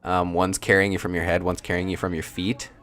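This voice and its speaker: A man narrating as game master, halting often with ums and uhs. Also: deep voice, flat delivery, a bit bright.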